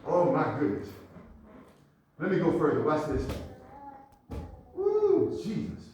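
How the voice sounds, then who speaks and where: Male preacher, high and animated, emphatic and repetitive, recorded far off in a very echoey room. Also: normal speed, a little hiss or hum. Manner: emphatic and repetitive, swinging between shouts and hushed asides; addresses the congregation directly, calls for responses. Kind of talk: sermon. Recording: very echoey, mic far from the speaker.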